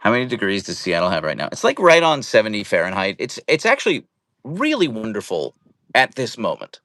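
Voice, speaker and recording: A man's voice: on the low side, huge pitch swings, fairly quick, a bit bright, dry recording, clean studio sound. A young man hosting a casual live stream from home, chatting playfully and greeting viewers by name. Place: at home, indoors.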